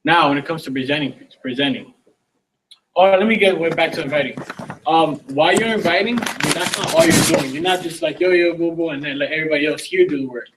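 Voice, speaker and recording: A man giving a casual sales training talk, relaxed and slangy, acting out sample conversations. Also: fairly high pitch, a little fast, heavy background noise. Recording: voice from some distance from the mic.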